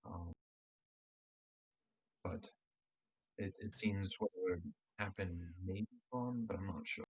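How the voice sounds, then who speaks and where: A man with a low, husky voice taking part in a tabletop game. He talks slowly and hesitantly, stopping often to fill the gaps. His voice stays deep throughout. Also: darkish tone, dry recording, rough recording. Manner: slow, hesitant speech with many fillers. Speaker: player. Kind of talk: casual tabletop game chat.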